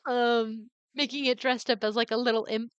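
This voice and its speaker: A woman's voice: on the high side, level tone, normal speed, smooth, no echo, lo-fi sound. A woman running a tabletop game as game master, rambling with many fillers and giggling often.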